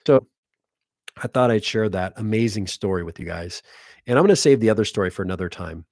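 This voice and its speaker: A male hypnotist telling a story straight to the viewer in an animated, earnest manner, slipping into quoted voices along the way. His voice sits fairly low, and the sound is dry and close with little room. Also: a little fast, no room sound. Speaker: hypnotist and coach. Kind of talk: casual storytelling to camera.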